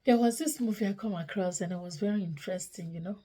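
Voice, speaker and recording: Woman host, husky tone, advice monologue with frequent hushed half-whispered stretches and slow emphatic repeats. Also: medium pitch. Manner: drops often into soft breathy half-whispers, slow emphatic repetition. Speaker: host of a relationship advice channel.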